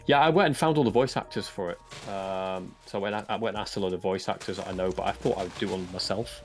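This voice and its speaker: A low-pitched English man rambles through a casual livestream chat, stopping to correct himself and joke. Soft music plays underneath his voice. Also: fast talker. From England. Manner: rambling, self-correcting, jokey. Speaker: Minecraft map maker and voice actor.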